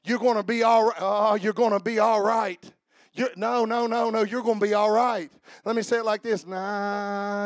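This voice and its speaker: Male pastor in his forties, high voice, dry close sound; preaches with shouted peaks and soft asides. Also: normal speed, no echo. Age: 40s. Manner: shouting and half-singing at climaxes; quiet conversational storytelling. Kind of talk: sermon. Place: church.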